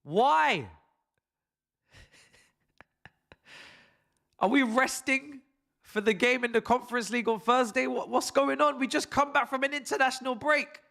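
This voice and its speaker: A man hosting a football fan stream, with a high-pitched, bright voice. He talks in a theatrical, exasperated way, drops from low muttering into shouted outbursts and laughter, and swears freely. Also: creaky. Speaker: host of a football watch-along stream. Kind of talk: live fan reaction stream.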